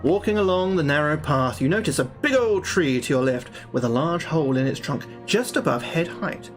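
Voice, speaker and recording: A man reads the passages of a fantasy gamebook aloud, then drops into casual, profane chatter with his stream audience. His voice sits a little high for a man. Soft music plays quietly underneath. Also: animated, moderate pace. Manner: chatty, swears freely, talks to his viewers. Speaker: livestreamer playing a solo gamebook.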